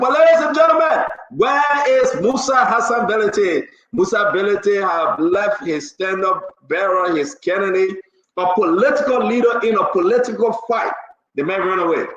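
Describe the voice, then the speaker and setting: Animated male talk host. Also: sits high, reverberant, lo-fi sound. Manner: animated, rising to loud exclamations. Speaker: livestream talk show host. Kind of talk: live talk show chat, reading viewer names.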